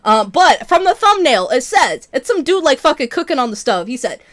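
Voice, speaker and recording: High-voiced woman ranting on stream. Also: sing-song, a little fast, no echo, studio quality. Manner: profane exasperated ranting, often breaking into laughter; loud, peaking the mic. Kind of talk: casual livestream chat.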